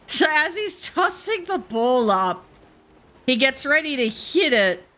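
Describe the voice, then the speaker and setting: Bright-voiced Australian woman streamer. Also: sits high, sing-song. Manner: rambling storyteller, laughs often, quick asides. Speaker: game streamer. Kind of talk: casual chat while playing.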